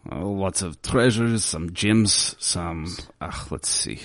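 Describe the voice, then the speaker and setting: A man voicing a shifty, nervous male spellcaster held captive, who talks in halting, oddly formal phrases full of fillers. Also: sits low, a bit bright, no echo, full character voice. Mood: evasive.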